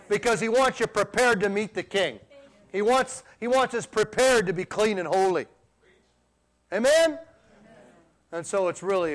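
Fairly high-voiced male preacher. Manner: rhetorical questions to the congregation, swings between quiet and loud. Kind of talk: sermon.

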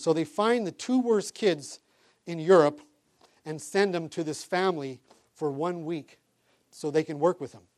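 Animated, chuckling male preacher. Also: fairly high pitch. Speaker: pastor. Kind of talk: sermon.

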